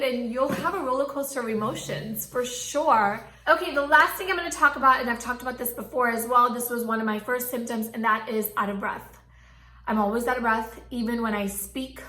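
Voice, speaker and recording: A woman's voice: a little high, sharp tone. A young pregnant woman vlogging casually to her viewers, chatty and gushing with lots of fillers. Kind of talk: casual chat to camera. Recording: echoey room.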